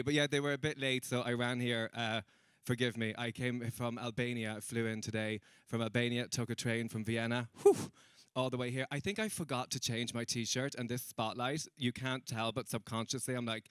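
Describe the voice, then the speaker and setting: Bright-voiced Irish stand-up comedian. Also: male voice, mid-range voice, smooth, no room sound. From Ireland. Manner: chatty, self-mocking, acts out other people's voices. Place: comedy venue stage.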